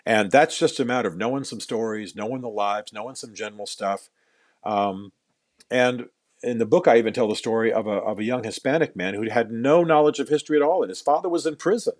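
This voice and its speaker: A middle-aged man with a medium-pitched voice speaks briskly, with no room sound, as an author interviewed on a podcast. His storytelling is earnest, marked by repeated words as he builds an idea and by dry, self-mocking humor.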